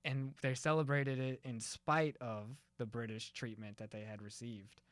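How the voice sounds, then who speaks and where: A man's voice: medium pitch, level tone, moderate pace, dry recording. A young man co-hosting a podcast, talking in a loose, rambling way with lots of fillers. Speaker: podcast co-host. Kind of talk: casual chat.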